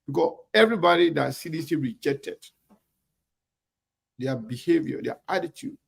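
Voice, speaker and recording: A man hosts a live online talk show, calling out viewers and pressing his points with emphatic repetition. His voice sits a little high and carries a gravelly fry. He talks straight to his audience. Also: normal speed. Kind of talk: live show shout-outs and commentary.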